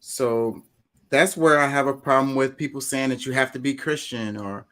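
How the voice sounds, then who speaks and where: A man hosts a relaxed podcast chat, pressing his guest with curious questions. His voice sits at a middling pitch, and he repeats words as he hurries to get his point out. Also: moderate pace. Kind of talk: casual podcast conversation.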